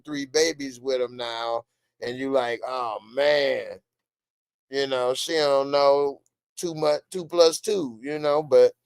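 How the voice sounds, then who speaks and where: A man's voice: mid-range voice, clear, resonant tone, no room sound. A man hosting a live show review, talking in a loose, slangy, joking way. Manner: laid-back, joking, loose slangy delivery. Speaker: show host.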